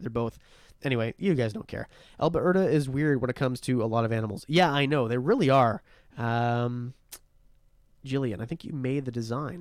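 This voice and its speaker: A young Canadian man chatting on a livestream, rambling loosely as he reads viewer comments aloud and thanks people. His voice sits at an ordinary middle pitch. The sound is dry and close, with almost no room around it. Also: dry recording. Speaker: livestream host. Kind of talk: casual livestream chat. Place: warm room under a heat lamp.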